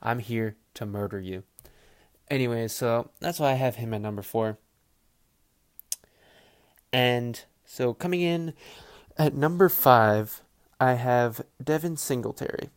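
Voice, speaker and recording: A man talks football on his own podcast, loose and rambling, with plenty of swearing and quick acted-out player voices. His voice sits in an ordinary middle range. The sound is dry and close, with no room around it. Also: medium pitch, clean tone, no echo. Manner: rambling, profane, animated asides with quoted voices. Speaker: podcast host. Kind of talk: casual football commentary.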